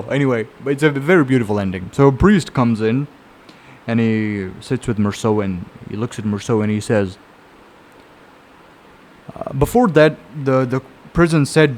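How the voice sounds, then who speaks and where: A man's voice: mid-range voice, moderate pace, a little mellow. Rambling man summarizing a novel. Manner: rambling, conversational storytelling with frequent fillers and restarts. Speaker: book reviewer. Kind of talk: casual spoken book summary.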